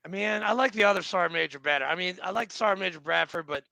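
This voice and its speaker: A man's voice: high voice, racing, vocal fry, pushed and bright, no echo, low-quality recording. A man in his forties, a Marine veteran and podcast guest, telling laid-back, profane stories in casual chat. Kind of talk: casual war-story chat.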